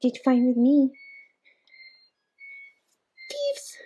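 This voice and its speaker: Young woman book vlogger rambling from her couch, bright forceful voice, gets all emotional. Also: medium pitch, normal speed. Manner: gushing, emotional, rambling with restarts. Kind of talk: casual vlog chat. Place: home, on the sofa.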